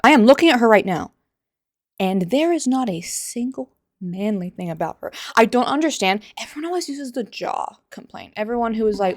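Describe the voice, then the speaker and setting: A woman's voice: medium pitch, sing-song, fairly quick, no room sound. A young adult woman giving sarcastic, incredulous commentary in a vlog. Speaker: commentary vlogger. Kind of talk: opinionated commentary.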